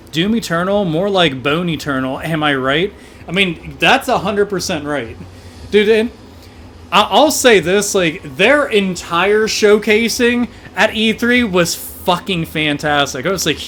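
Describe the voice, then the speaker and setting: A man streaming a game with a high, bright voice that keeps an edge to it. He rants, swears freely and jokes his way through the play. Faint background noise runs under his speech. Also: a little slow. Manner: profane, excitable, joking. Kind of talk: livestream game commentary.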